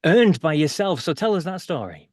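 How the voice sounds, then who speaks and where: A man hosting an interview, asking quick, eager questions. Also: a little high, very animated. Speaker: interview host.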